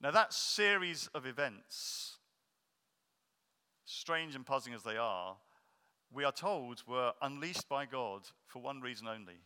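A man preaching a sermon, explaining earnestly and slowing down to stress key points. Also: mid-range voice, expressive, bright, forceful tone, smooth. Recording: long reverb of a hall.

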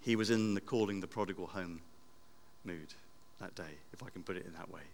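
A man preaching a sermon in a church, reflective, repeating phrases and swinging between loud and hushed. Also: deep voice, brisk, creaky. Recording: long church reverb.

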